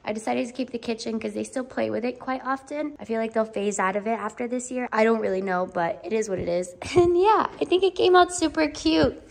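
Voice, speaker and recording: A woman's voice: fairly high pitch, a little fast, gravelly, few pauses. Chatty woman vlogging at home. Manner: chatty, lots of "like" fillers, bubbly. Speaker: vlogger and mom. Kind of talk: casual vlog chat to camera. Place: at home in a playroom.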